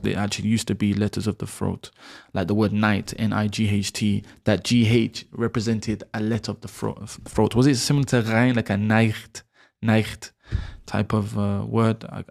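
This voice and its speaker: A man's voice: lowish voice, creaky, a little mellow. A man giving a casual spoken lesson on Arabic letters, repeating throat sounds in an exaggerated way and correcting himself as he talks. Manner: self-correcting, chatty, laughs at himself. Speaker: Arabic teacher.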